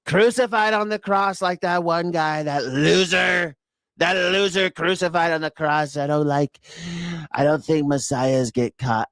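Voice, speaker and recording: A whining, babyish man drones on about how unfairly he is treated, as a man puts him on in mockery. The voice sits higher than the performer's own and sounds a little distant. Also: fairly bright tone, no echo, clean studio sound. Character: whiny self-pitying man, mock impression.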